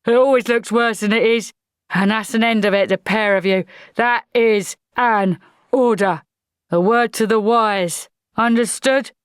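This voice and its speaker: A woman voicing a gruff male army sergeant who barks bluff, commanding orders in a storybook reading. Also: on the high side, steady tone, measured pace, dry recording, studio quality, voice pushed up, natural voice.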